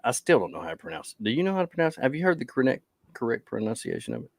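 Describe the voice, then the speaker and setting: A man's voice: mid-range voice, big pitch swings, rapid-fire, a little mellow, no echo, clean studio sound. A tired man co-hosting a podcast, chatting casually and rambling as he loses his train of thought. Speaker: podcast co-host.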